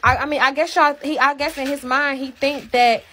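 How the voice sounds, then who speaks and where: High-voiced woman venting on a live stream. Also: fairly even intonation, fairly quick, background noise. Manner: emphatic, profane, repeats herself. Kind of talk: emotional venting to a live audience.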